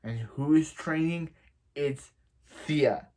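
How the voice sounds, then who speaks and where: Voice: mid-range voice, takes it slowly, warm tone. A person giving a casual, rambling recap of a TV episode, with many restarts and fillers. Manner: acts out quoted lines in other voices. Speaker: show reviewer.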